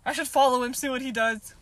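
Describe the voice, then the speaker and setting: A woman's voice: high-pitched, steady tone, fairly quick, a bit bright. Chatty young woman telling a storytime. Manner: chatty, heavy filler "like", frequent swearing, laughs often. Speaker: vlogger. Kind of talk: casual storytime chat.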